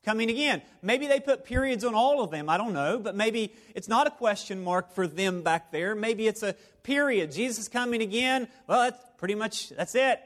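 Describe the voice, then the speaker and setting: A man's voice: high voice, lively intonation, moderate pace, few pauses, a bit bright. A pastor, a man, preaching a sermon to a live congregation in a playful, repetitive, conversational way. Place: church service before a live congregation.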